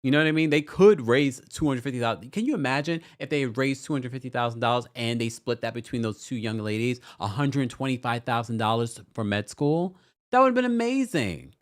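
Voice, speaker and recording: A man's voice: mid-range voice, animated, brisk. A man hosts a casual livestream. His voice rises and falls a lot as he reads viewer comments in a playful way. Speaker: host of a live recap show.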